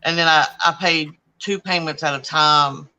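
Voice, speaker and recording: Woman host, casual chat, super bright sharp voice, acts out the stories. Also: deep voice, moderate pace, low-quality recording. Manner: animated storyteller acting out quoted voices. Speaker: channel host.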